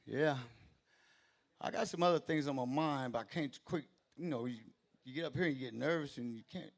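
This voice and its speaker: A man's voice: medium pitch, a little fast, gravelly. A man doing rambling, profane stand-up at an open mic in a small club, speaking into a stage mic and interrupting himself as he goes. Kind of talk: stand-up comedy.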